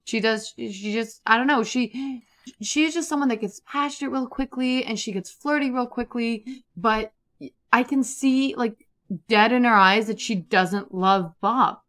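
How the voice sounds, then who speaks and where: A woman giving casual, chatty commentary over a life-simulation game, excitable and prone to repeating herself. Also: a little high, a little slow. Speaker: gaming YouTuber. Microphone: desktop USB microphone.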